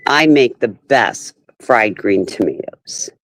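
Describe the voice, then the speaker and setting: Slow-talking teasing woman host. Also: a bass voice, animated, no echo, low-quality recording. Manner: teasing, laughs often. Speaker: host of an open chat panel. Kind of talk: casual group chat.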